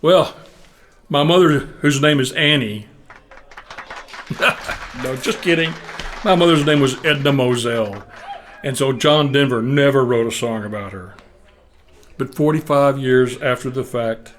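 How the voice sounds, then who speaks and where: A man's voice: medium pitch, unhurried, pauses often. A man in his seventies with a Texan accent, telling a wry story on stage to a live audience. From Texas. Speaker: musician and storyteller.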